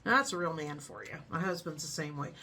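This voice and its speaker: A middle-aged woman tells a story in a loose, chatty way, laughing often and keeping a calm, frank tone. Her voice is bright and a little on the low side. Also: fast talker. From United States. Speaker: vlogger. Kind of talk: casual storytelling chat.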